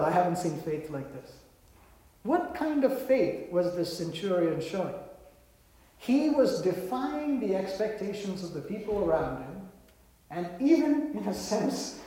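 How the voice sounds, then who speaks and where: High-voiced preacher in an echoey hall. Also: male voice, a little mellow. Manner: measured, emphatic, with dramatic pauses. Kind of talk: sermon.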